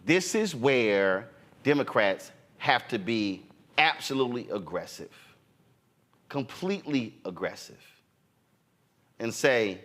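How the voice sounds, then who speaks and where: A man's voice: mid-range voice, big pitch swings, slow pace, pauses often, a bit bright. A middle-aged man hosting a political talk show, delivering impassioned, preachy commentary and acting out politicians' voices.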